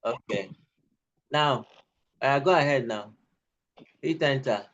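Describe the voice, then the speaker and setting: A man's voice: medium pitch, takes it slowly, fairly bright tone, dull audio. A man tutoring a pupil in coding, giving patient step-by-step instructions and repeating himself. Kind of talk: one-on-one online coding lesson.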